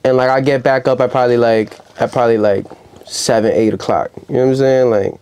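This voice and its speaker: A man's voice: medium pitch, a little fast, clear, resonant tone. A young man with a New York accent, a rapper talking casually in an interview and acting out quotes in a raised voice. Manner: animated storytelling, acts out quotes loudly. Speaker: rapper guest.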